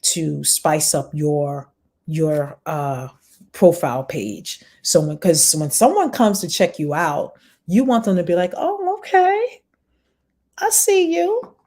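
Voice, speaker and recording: A woman's voice: deep voice, warm tone. A woman with a New York accent, an online business coach giving chatty, encouraging advice to viewers on a live stream. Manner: fast-talking, encouraging, chatty.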